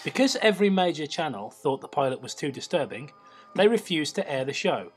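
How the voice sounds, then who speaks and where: A man's voice: fairly high pitch, big pitch swings, brisk, husky, soft background music. A man hosting a comedic show, reading a story aloud and stopping to mock its writing. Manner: reads aloud, breaks off to mock the text. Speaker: host reading stories aloud.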